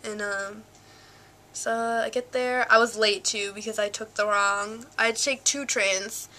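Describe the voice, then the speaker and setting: A woman's voice: mid-range voice, steady tone, a little slow, bright, forceful tone. A young woman vlogging casually, rambling with lots of "like" and "um", filmed on a handheld camcorder. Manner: rambling, full of fillers and "like". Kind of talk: casual chat. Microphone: flip cam.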